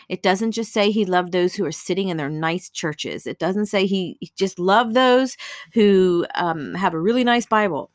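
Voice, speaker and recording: A woman's voice: fairly low pitch, fairly bright tone, no echo, clean studio sound. A woman giving an earnest devotional Bible teaching with prayer, speaking in a conversational way with casual fillers.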